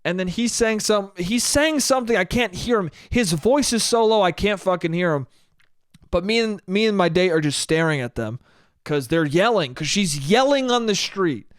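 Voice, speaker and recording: Young male podcast host, slightly high voice, dry close sound, chatty and profane storyteller. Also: expressive, moderate pace, dry recording. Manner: loose, profane and conversational, with frequent restarts. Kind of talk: casual solo storytelling.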